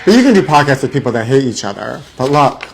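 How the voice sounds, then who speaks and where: A man's voice: mid-range voice, very animated, quick pace, creaky, slight background noise. A man hosting a live celebrity gossip show, theatrical and mock-frightened, calling his viewers honey. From Los Angeles area.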